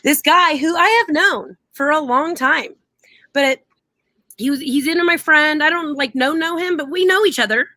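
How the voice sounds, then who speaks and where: A young woman co-hosting a casual live stream, telling animated stories and laughing often as she acts out what people said. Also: high-pitched, moderate pace, no room sound. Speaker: co-host.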